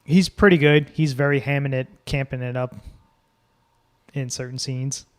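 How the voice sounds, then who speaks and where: A man's voice: medium pitch, steady tone, moderate pace, clear, resonant tone. A man co-hosting a podcast, chatting casually about films and swearing freely. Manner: swears freely, offhand film commentary. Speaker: podcast co-host. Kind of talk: casual chat.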